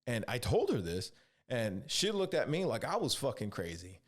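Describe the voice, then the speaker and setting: Speaking at medium pitch and a normal pace, this Californian podcast host tells casual solo stories from his time as an Army veteran. His delivery rambles and swears freely, and he voices everyone else's lines with lively quoted dialogue.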